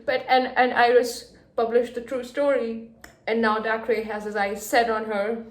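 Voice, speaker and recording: A young woman reacting emotionally to a book in a casual reading vlog, going from hushed gushing to loud exasperation. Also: fairly high pitch, fairly even intonation, unhurried, noisy background. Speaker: book vlogger. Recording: echoey room.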